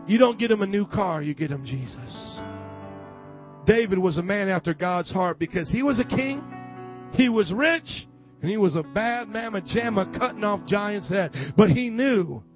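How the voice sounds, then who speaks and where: A male pastor preaching a sermon, calling for amens and dropping from hushed lines to loud bursts. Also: high-pitched. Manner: call-and-response preaching, swings from hushed to loud. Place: church service. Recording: dull lo-fi church recording with faint music.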